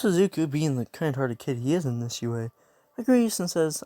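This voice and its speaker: A man's voice: on the high side, very animated, moderate pace, mellow, no echo. A young man casually telling a fan story, rambling and interrupting himself, laughing at his own asides.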